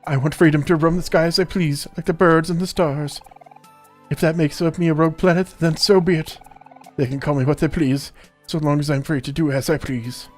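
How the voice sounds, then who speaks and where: A man's voice: fairly high pitch, steady tone, fairly quick, a little mellow, soft background music, voice pushed up, lightly acted. A man voicing a proud, theatrical male rogue planet who speaks formally and grandly. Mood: grandiose. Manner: pompous, theatrical, formal speech.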